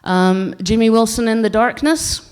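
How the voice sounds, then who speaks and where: A woman's voice: fairly high pitch, normal speed, a little mellow, clear, resonant tone. A Scottish woman in her forties gives a conference talk to an audience in a blunt, wry, joking manner. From Scotland. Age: 40s. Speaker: conference speaker.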